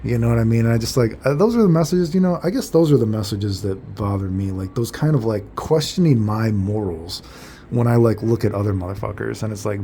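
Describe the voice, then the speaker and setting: A man's voice: lowish voice, a little fast, dark tone, slight background noise. A man talking casually to his viewers in a rambling monologue, swearing freely and retelling his arguments with "you know" and "I'm like" again and again. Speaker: vlogger.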